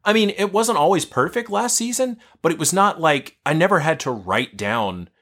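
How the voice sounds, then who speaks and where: A woman co-hosting a podcast, chatting casually about a TV episode in an animated, incredulous way and laughing often. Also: sits low, moderate pace. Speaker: podcast co-host. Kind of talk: casual chat reviewing a TV episode.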